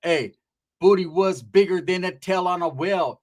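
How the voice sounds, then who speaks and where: High-pitched male storyteller, slangy and profane, comic street tale. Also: moderate pace.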